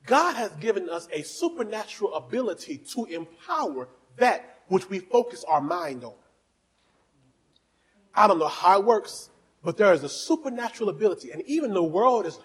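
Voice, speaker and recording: A male pastor preaching a fervent sermon, dropping to soft asides and then rising to shouting as he urges on the congregation. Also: sits high, breathy edge, rough recording. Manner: exhorting the congregation.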